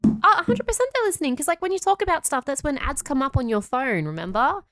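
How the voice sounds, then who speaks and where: A woman co-hosting a podcast in casual chat, giggly and playful, with quick reactions and interjections. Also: high-pitched, lively intonation, no room sound, clean studio sound. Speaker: podcast co-host.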